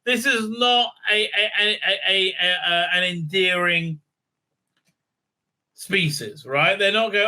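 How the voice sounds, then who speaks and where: Bright-voiced man ranting sarcastically. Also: high-pitched. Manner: sarcastic, profane, halting with many fillers. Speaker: TV show reviewer. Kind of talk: ranting recap and review.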